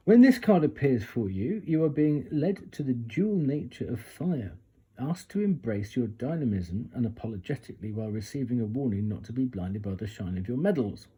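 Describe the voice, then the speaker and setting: A man's voice: medium pitch, lively intonation, normal speed, warm tone, slightly rough. A man doing a casual tarot reading, reading passages aloud from a guidebook and breaking off for chatty asides and retakes. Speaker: tarot reader.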